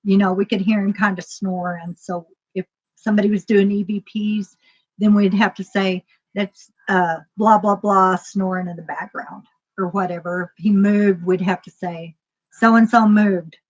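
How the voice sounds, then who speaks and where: A woman's voice: medium pitch, steady tone, normal speed, dull audio. A woman casually telling a personal story, rambling, with lots of fillers and acted-out dialogue.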